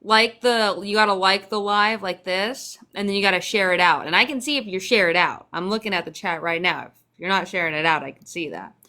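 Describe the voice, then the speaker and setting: A woman's voice: mid-range voice, fairly quick, few pauses, sharp tone. A young woman from Central Texas, chatty and sarcastic, swearing casually as she hosts a phone livestream and answers viewer comments. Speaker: livestream host.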